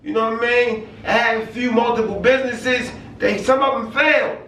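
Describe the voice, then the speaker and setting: High, bright-voiced man speaking from afar. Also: a little fast. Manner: motivational, repeats "you know what I mean". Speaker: guest sharing life story. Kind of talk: casual conversation. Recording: roomy sound from a distant mic with faint noise.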